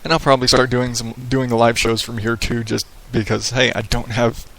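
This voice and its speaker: Podcast host, man, gravelly middle-pitched voice, loose rambling radio delivery on a headset mic, small echoey room. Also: level tone, brisk, pushed and bright. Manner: rambling, profane, laid-back radio-style delivery. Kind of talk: casual solo podcast monologue. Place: small echoey home office with hardwood floors. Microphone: headset microphone.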